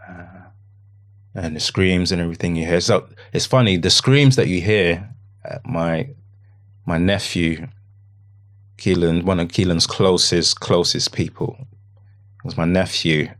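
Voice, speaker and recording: A man with a very low, deep voice tells a painful story from his own life. He speaks haltingly, repeating phrases and quoting what he said back then. He often sinks into a hushed, near-whisper tone. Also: steady tone. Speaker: podcast guest. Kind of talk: emotional personal account.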